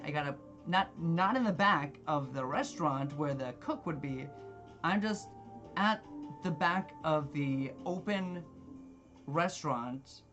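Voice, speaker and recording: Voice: medium pitch, fairly bright tone. A gamer telling a long story while playing, rambling and exasperated, swearing freely. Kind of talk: casual storytelling with gameplay.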